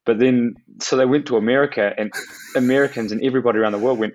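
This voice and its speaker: New man, animated storytelling chat. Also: mid-range voice, quick pace, poor audio. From New Zealand. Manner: animated, storytelling, hesitant fillers. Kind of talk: casual chat.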